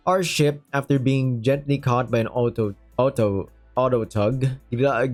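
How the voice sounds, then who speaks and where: A man's voice: mid-range voice, a little mellow. Casual man reading a sci-fi story. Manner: joking, casual asides between narration. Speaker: story reader and commentator. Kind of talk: reading a story with comic asides.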